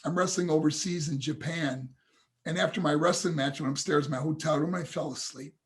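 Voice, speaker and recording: This podcast guest, a motivational speaker on a video call, has a high-leaning, steady voice and speaks briskly. He earnestly and emotionally shares a personal story, addressing the hosts as "guys."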